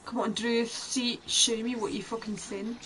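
Slow-talking, swearing woman streamer. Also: a little high, level tone, a bit bright, slight background noise. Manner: profane, taunting, talking to the game. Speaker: game streamer. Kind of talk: gameplay commentary.

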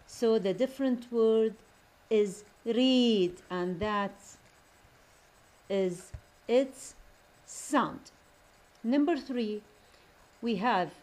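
Woman, English lesson, unhurried drawn-out delivery, repeats each word. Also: mid-range voice, darkish tone, poor audio. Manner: slow, repeats each word several times; switches to Arabic to explain terms. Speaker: English teacher. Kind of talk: recorded classroom lesson.

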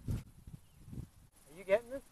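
A man's voice: slow pace, warm tone, a little hiss or hum, rough recording. A man who is a bystander, talking in a concerned way, checking on someone.

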